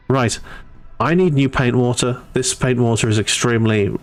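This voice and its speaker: Halting, casual man on a painting stream. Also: mid-range voice. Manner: halting, repeats words, laughs easily. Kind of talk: casual chat.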